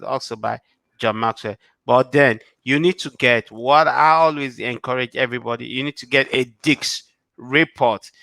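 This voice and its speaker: A man's voice: medium pitch, fairly bright tone, clear, resonant tone, no room sound. A man from Nigeria with a Nigerian accent, a show guest answering questions earnestly and often restarting his sentences. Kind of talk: casual interview answers.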